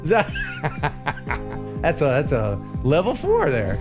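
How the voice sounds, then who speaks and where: Guy hosting a stream, bouncy high-ish voice, laughs a lot, music going soft behind. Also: moderate pace. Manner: animated, chuckling storyteller. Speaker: livestream host. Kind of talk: casual chat.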